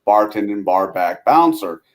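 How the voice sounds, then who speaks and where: Brief: lower-pitched male guest, conversational, loose phrasing. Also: lively intonation, measured pace. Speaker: podcast guest. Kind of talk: casual chat.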